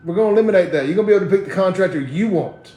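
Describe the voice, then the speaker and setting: A man from Jackson, Mississippi, with a Southern accent hosts a live social media talk show, ranting bluntly, combatively and defiantly. His voice is high-pitched, expressive and mellow, delivered in rapid-fire bursts in an echoey room.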